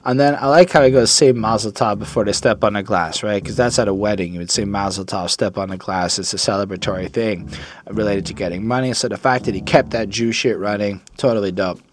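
Guy with a lowish voice rambling through an album review, lots of ums, swears a bunch. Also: brisk. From Jewish. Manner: rambling, profane, with frequent fillers and restarts. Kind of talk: casual music review monologue.

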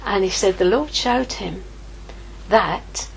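A woman preaching a sermon, lively, moving from hushed asides to exclaiming. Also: mid-range voice, slow, gravelly, slight background noise, low-quality recording. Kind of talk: sermon teaching.

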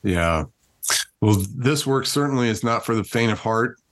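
A man's voice: medium pitch, lively intonation, normal speed. A man hosting a podcast interview, affirming his guest and asking open questions in an encouraging manner. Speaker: podcast host.

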